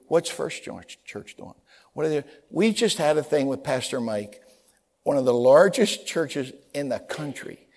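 A pastor with a mid-range voice preaches a sermon, telling stories animatedly and frequently repeating words as he stumbles.

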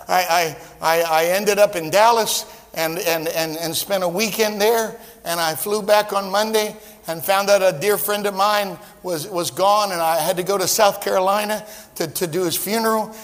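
A middle-aged man preaches a sermon in a high, tenor-range voice. He tells his story in a conversational way, then climbs into loud, fervent emphasis. The sound carries a long church-hall reverb. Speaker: pastor.

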